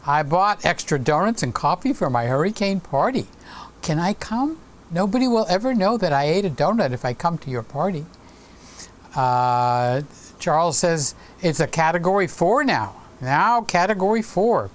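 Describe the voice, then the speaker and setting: A man's voice: fairly high pitch, expressive, normal speed. Rambling man in his sixties, live streaming. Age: 60s. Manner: rambling, stops to greet viewers by name. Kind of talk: casual live stream chat.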